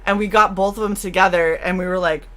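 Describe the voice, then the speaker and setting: A woman's voice: fairly low pitch, fast. A woman co-hosting a casual stream, telling stories and acting out the people in them. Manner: animated storyteller, acts out quotes. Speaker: co-host. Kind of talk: casual stream chat, storytelling.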